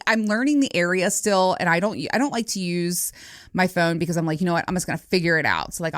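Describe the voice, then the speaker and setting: A woman's voice: lowish voice, no room sound, studio quality. Profane, laughing woman podcaster in her forties. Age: 40s. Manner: laughing, profane, animated storytelling. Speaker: podcast host. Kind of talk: casual solo storytelling.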